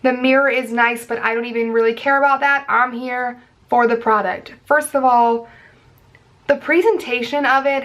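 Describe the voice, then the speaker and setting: A woman's voice: a little high, fairly bright tone. A young woman, chatting casually as a beauty vlogger reviewing makeup and gushing over each product. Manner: gushing, chatty, lots of fillers.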